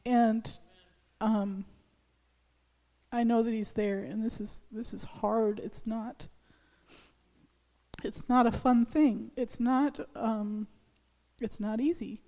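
A woman pastor in her thirties gives a halting, heartfelt testimony to her congregation. She talks slowly and restarts often, her voice soft and mellow. The church hall carries a long reverb behind her. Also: a little high, fairly even intonation. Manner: hesitant, halting, many restarts and fillers. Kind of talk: personal testimony in a church service. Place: church sanctuary.

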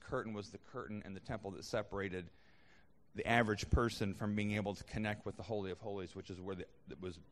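A man's voice: deep voice, in a large hall. A man preaching a sermon as a pastor, conversational, with frequent restarts and fillers.

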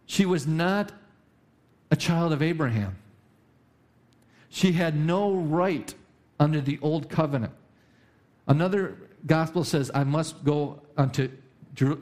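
Emphatic preacher, repeats lines, pitch swings. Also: male voice, animated, a little slow, pauses often, darkish tone. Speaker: pastor. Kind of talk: sermon.

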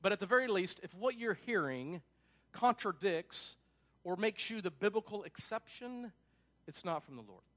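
A pastor with a notably high-pitched male voice delivers a sermon in an easygoing, conversational way. He leans hard on key points and drops in casual asides as he goes. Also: lively intonation, moderate pace, a bit bright. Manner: emphatic, casual asides with frequent "like".

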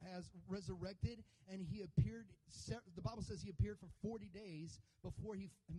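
A male pastor with a high-pitched, mellow voice delivers a church sermon. He mixes casual, joking asides with surging, emphatic preaching that calls out to the congregation. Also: poor audio. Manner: builds to loud emphatic preaching with call-and-response; conversational asides with humor. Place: church sanctuary.

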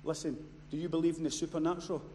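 A man preaching a sermon. His voice sits fairly high, and he swings from hushed, close storytelling to loud, impassioned cries. The sound rings with a long hall reverb over a faint background noise. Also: little pitch movement, racing. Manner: builds from quiet storytelling to loud impassioned shouting.

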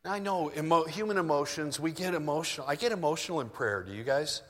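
A man's voice: on the high side, quick pace. Conversational male preacher in a reverberant hall. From United States. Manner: conversational, shifts from soft asides to mock shouting. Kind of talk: sermon.

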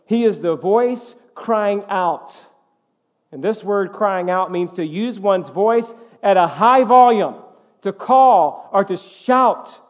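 A man preaches from the pulpit in a high voice, driving his points home with emphatic repetition. The sound is dull and muffled, carried by a long reverb through the church sanctuary. He speaks as pastor to his congregation. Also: animated, slow. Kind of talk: sermon.

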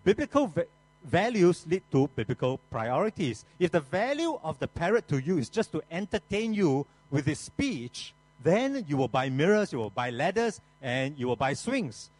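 A man's voice: on the high side, big pitch swings, normal speed, darkish tone, no echo, poor audio. A man pastor preaching a sermon, folksy and joking, with asides to the congregation.

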